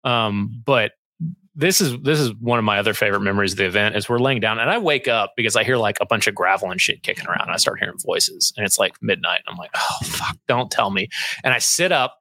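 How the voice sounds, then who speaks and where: A man telling a story in casual chat, animated and laughing, swearing often and acting out what others said. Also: lowish voice, fast talker, no room sound. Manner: animated, laughing, heavy swearing, acts out quotes. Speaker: airsoft player recounting an event.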